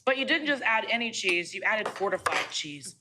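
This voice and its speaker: A woman's voice: mid-range voice, normal speed, noisy background. A woman tasting a dish and praising it in effusive, casual cooking-show chat. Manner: effusive and animated. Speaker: taster judging a dish.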